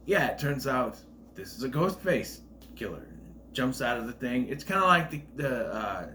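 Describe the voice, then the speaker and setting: Man, casual film review, lively swooping pitch, medium pitch, faint background hum. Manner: animated, profane retelling of scenes.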